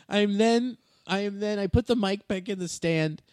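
A male comedian telling animated, profane stories in a casual podcast chat on a studio microphone. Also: sits high, slow pace, no echo. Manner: animated storytelling with swearing. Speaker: stand-up comedian.

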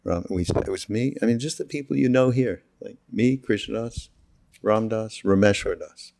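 An older man from Canada with a deep, low voice tells stories in a relaxed conversation. He acts out the quotes in his anecdotes and often breaks into laughter. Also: moderate pace, vocal fry. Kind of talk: casual storytelling conversation.

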